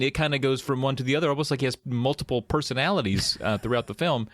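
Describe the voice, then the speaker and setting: A man's voice: mid-range voice, quick pace, a bit bright, no room sound, clean studio sound. A man co-hosting a podcast, chatting casually about a film with wry jokes and the odd mock accent. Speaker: podcast co-host. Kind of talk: casual movie recap chat.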